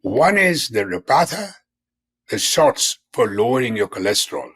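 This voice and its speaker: A man's voice: medium pitch, sing-song, normal speed, a bit bright, slightly rough. An older man in his seventies, a physician guest in a conversational interview, who explains in an earnest way and repeats key terms.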